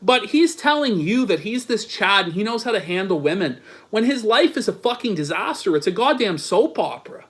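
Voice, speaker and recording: A man's voice: high-pitched, big pitch swings, normal speed, few pauses. A male online commentator with a slightly worn, strained voice, talking into a home microphone. He reads messages aloud and breaks off into sarcastic, incredulous asides full of swearing.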